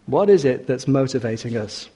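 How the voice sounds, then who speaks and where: A man's voice: medium pitch, animated, normal speed, warm tone, slightly rough. A man preaching a sermon in an earnest way, with rhetorical questions and hesitant restarts. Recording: long hall reverb.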